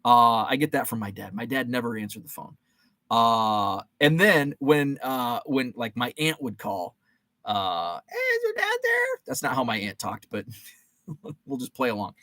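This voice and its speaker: A man's voice: medium pitch, normal speed, sharp tone, dry recording. A man in his forties hosting a casual live-stream chat, rambling and joking with many fillers and restarts.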